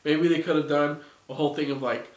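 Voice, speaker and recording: A man's voice: fairly high pitch, steady tone, brisk. A man giving a casual, rambling opinion rant, swearing often and sounding exasperated. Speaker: video reviewer. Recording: roomy echo, off-mic.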